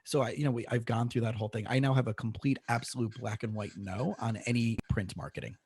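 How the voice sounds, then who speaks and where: Husky-voiced man hosting a podcast. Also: medium pitch, fairly even intonation, fast talker, a little mellow, no echo. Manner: conversational, often asks "right?". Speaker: podcast host, therapist and coach. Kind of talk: podcast interview.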